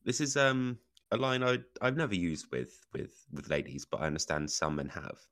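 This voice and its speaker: A man's voice: low voice, steady tone, normal speed, gravelly, a bit bright. A man co-hosting a podcast, chatting casually in a teasing, playful way. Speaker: podcast co-host. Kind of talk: casual chat.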